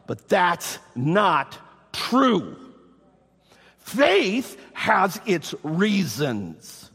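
A pastor with a high, fairly bright voice and a breathy edge preaches in church, reading from scripture and talking directly to the congregation. The recording carries the reverb of a large hall.

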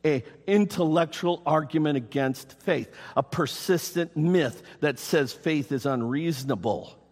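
A man's voice: on the high side, a little slow, a little mellow. A man preaching a sermon as pastor to his congregation, reading scripture aloud and speaking directly to the people. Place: church. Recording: reverberant hall.

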